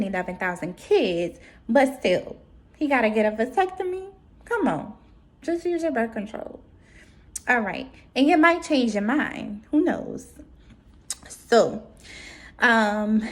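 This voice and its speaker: Woman reviewer, slow and blunt, sassy and profane, casual recap commentary. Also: fairly high pitch. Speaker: reality TV reviewer.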